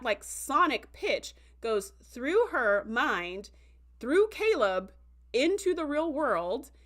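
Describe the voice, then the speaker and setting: A young adult woman reviews a show on a casual livestream, recapping an episode in an animated, filler-heavy style. Her voice sits on the high side, and she acts out the reactions she quotes along the way.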